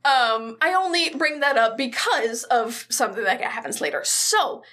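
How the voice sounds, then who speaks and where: A woman co-hosting a podcast, recapping a movie in casual chat, animated and cursing freely with jokey asides. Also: high voice, normal speed. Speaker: podcast co-host.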